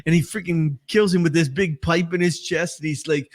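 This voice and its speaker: This man hosts a loose, casual podcast and tells stories with plenty of swearing and laughter. His voice sits a little high for a man. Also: moderate pace. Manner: swearing, laughing storyteller who acts out movie lines. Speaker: podcast host. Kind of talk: casual chat.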